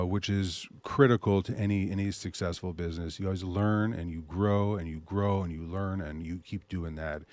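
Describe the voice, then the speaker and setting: A man hosting a show, pitching his service in a loose, animated way and muttering asides to himself. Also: no room sound. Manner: animated salesy pitch, mutters asides while browsing pictures. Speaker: host. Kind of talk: casual promotional talk.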